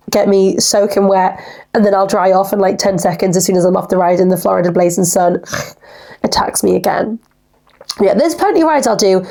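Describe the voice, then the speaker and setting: A woman's voice: mid-range voice, mellow. A young woman, hosting a casual solo podcast in a rambling, chatty way full of "like". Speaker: podcast host.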